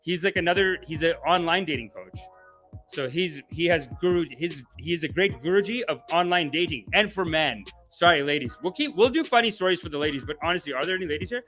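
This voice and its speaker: A man's voice: on the high side, animated, fast talker, a bit bright, faint music behind. A man hosting a livestream as a comedian, rambling through tangents, joking around and reading viewer comments aloud. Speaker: comedian and show host.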